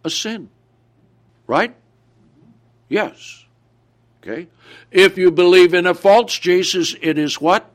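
A man's voice: sits high, slow, pauses often. A man preaching a sermon, asking the audience questions and answering them himself with emphasis.

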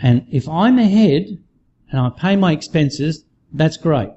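A man giving a sermon in a conversational, animated way, often restarting his sentences. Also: a little high, measured pace, highs cut off, a little hiss or hum. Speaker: preacher.

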